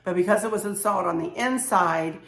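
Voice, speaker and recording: A woman with a Southern American accent and a hoarse, strained voice, chatting casually to camera as a home decor vlogger, rambling with many fillers. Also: mid-range voice, fairly quick, fairly bright tone, echoey room.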